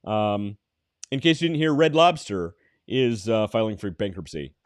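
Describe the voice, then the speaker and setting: A man co-hosting a podcast, joking around in casual banter with deadpan mock-serious news. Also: lowish voice, normal speed, clear, resonant tone, no echo, studio quality. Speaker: podcast co-host.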